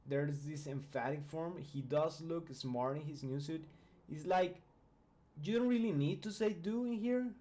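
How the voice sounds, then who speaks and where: A man whose first language is Spanish explains English grammar in a video lesson. His voice is mellow and warm, and he walks through each point patiently. He pauses to check that the viewer is following. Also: fairly high pitch. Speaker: English teacher.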